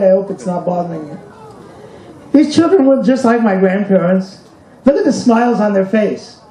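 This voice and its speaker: A man's voice: high-pitched, mellow, reverberant, a little hiss or hum, poor audio. A man telling a personal story in an emotional public speech, asking the audience rhetorical questions and pointing to pictures. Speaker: speaker at a commemoration event. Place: hall with an audience.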